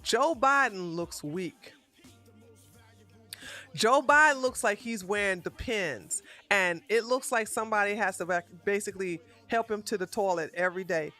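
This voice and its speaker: Blunt, profane woman ranting in a bright voice. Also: mid-range voice, normal speed, few pauses, soft background music. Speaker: political commentary host. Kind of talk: live-stream commentary rant.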